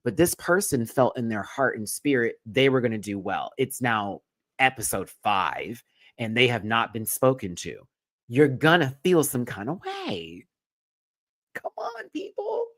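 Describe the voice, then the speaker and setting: Reviewing a TV episode on his live stream, this host keeps a measured pace but stays animated and emphatic, full of slang and swearing. His delivery jumps from loud outbursts to quiet muttering, with no echo on the audio.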